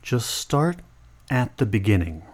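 Brief: a firm police interviewer, very low voice. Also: female voice, sing-song, unhurried, a little mellow, full character voice.

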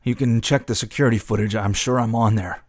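A man's voice: lowish voice, fairly even intonation, fairly quick, dry recording, clean studio sound, natural voice. A man playing a bitter newsstand vendor confessing a killing in a radio drama, profane and agitated. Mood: haunted.

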